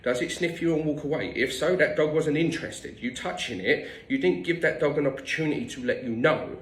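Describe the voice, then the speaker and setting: A man's voice: fairly high pitch, brisk, roomy sound, rough recording. A man working as a dog trainer, giving blunt, no-nonsense instructions with the odd swear word. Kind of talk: direct instructional tips.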